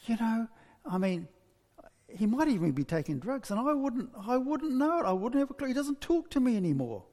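A woman's voice: sits low, fairly quick, dark tone, long reverb tail. A man voicing a worried middle-aged churchgoing mother who talks in an anxious, confiding way.

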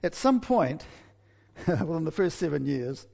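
A man preaching a sermon, telling a story with many restarts and lively asides. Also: on the high side, a little slow, gravelly, long reverb tail.

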